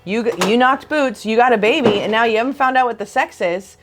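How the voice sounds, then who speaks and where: A woman's voice: a little high, fairly quick, background noise. A woman chiropractor co-hosting a casual conversation with her husband, telling stories animatedly and giving blunt opinions. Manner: animated storyteller who acts out quoted relatives. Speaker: chiropractor and podcast co-host.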